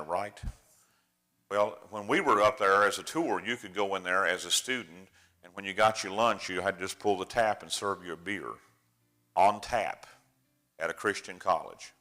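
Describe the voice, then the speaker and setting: An older man with a low, sharp-toned voice, a preacher giving his congregation a slideshow talk. He comes across as a folksy, chatty storyteller speaking to the room.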